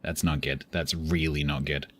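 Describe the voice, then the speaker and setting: A man commenting live on his own gameplay as a streamer, joking and complaining in animated bursts. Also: normal speed. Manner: animated, self-pitying, jokey banter with squeaky outbursts. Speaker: game streamer.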